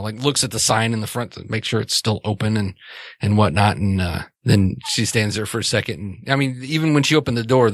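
Casual tabletop game master, a man with a low voice, rambling, dry recording. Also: dry recording. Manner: rambling, halting with fillers.

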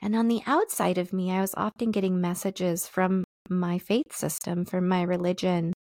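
A woman hosting a podcast, telling a personal story in a soft, reflective, confessional way with thoughtful pauses. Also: lowish voice, little pitch movement, no room sound, studio quality. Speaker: podcast host.

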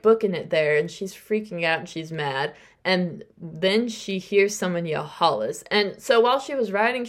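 A young adult woman hosting a podcast, casually recapping a novel's plot in a chatty way and acting out the characters' lines. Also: fairly low pitch. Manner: chatty, acts out characters' lines while retelling. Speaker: podcast host.

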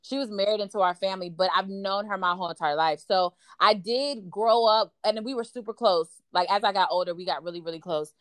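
A woman's voice: mid-range voice, fairly quick, hardly any pauses, dry recording. A woman telling a story in casual chat, acting out quoted dialogue with lots of fillers. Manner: animated, acts out quoted dialogue, frequent fillers.

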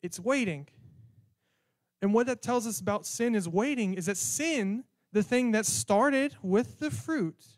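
A man's voice: high voice, dry recording, studio quality. A man giving a casual, conversational sermon with a sarcastic, chatty manner. He often repeats words as he thinks. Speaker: preacher.

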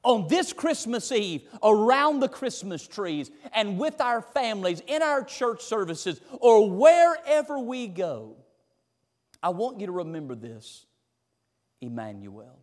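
Animated preacher in a reverberant hall. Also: male voice, high-pitched, measured pace. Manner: animated preaching, folksy and emphatic. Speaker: pastor. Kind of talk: sermon. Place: church sanctuary.

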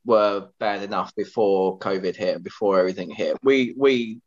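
A man's voice: on the low side, normal speed, muffled recording. A man, co-hosting a podcast in casual, earnest chat that rambles with restarts. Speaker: podcast co-host.

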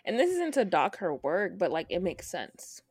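Woman podcast co-host, animated pitch, emphatic, dry close sound. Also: moderate pace, breathy edge, dry recording. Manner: emphatic, swears, bursts into loud laughs. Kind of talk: casual podcast chat.

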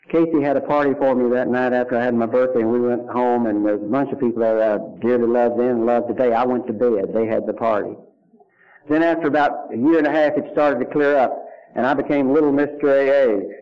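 A middle-aged man with a Kentucky accent, an animated storyteller giving his personal testimony at a recovery meeting who drops to hushed tones for serious moments. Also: medium pitch, fairly quick. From Louisville, Kentucky. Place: meeting room before a live audience. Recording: lo-fi early 1990s tape recording.

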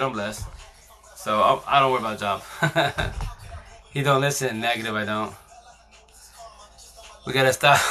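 A man's voice: medium pitch, sharp tone. A man hosting a casual live stream on his phone, talking in a rambling, slangy way and swearing freely.

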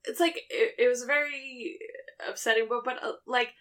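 Bright-voiced chatty woman. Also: fairly high pitch, fairly even intonation, normal speed. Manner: chatty, laughs often, trailing fillers. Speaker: book podcast co-host. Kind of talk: casual chat.

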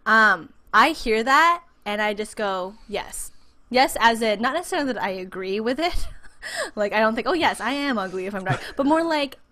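A woman raised in the United States appears as a guest in a casual podcast interview, talking animatedly and acting out the voices of the people she quotes. Her voice is on the high side, expressive, pushed, and bright, at a moderate pace.

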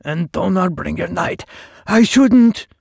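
A man putting on a dull-witted young slave who speaks in a high, loud, simple voice, blunt and wary. His lines are slow and dry, as if close to the mic in a quiet space, read out by a storyteller. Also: expressive, vocal fry, no room sound, heavily acted. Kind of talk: storytelling podcast reading.

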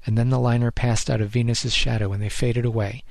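A man, the author, reading his own first-person noir story in a measured, deadpan way. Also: mid-range voice, vocal fry, no echo.

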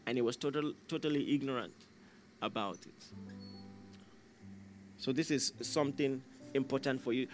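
Emphatic male preacher over soft music. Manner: emphatic, repeats key phrases; acts out quoted lines with raised pitch. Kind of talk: sermon. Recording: faint instrumental music behind.

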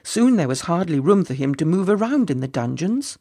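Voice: mid-range voice, very animated, brisk, mellow. A storyteller reading a children's story aloud, with playful, chatty asides to the listeners. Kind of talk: storybook narration.

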